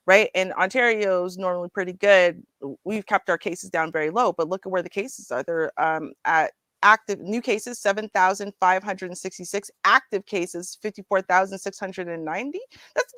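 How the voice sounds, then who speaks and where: A woman hosting a casual commentary show, animated and sarcastic, laughing often and talking straight to her viewers. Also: mid-range voice, moderate pace, no echo. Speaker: host. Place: Ontario.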